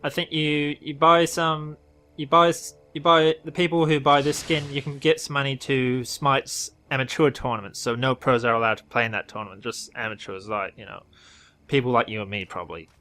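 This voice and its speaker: An Australian gaming video host offers offhand commentary on a game update, rambling and self-correcting. His mid-range voice is pushed and bright, holding a steady tone at normal speed.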